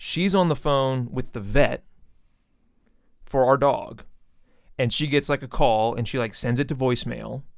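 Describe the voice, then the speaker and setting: A man's voice: medium pitch, a little slow, gravelly, pauses often, dry recording, studio quality. A man telling a story steadily in casual podcast chat.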